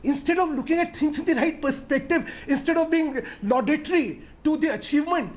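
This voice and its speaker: A man's voice: extremely high pitch, brisk, lo-fi sound. A man with an Indian English accent, a politician arguing insistently in a televised debate, pushing to finish his point. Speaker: politician guest. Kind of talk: heated TV debate.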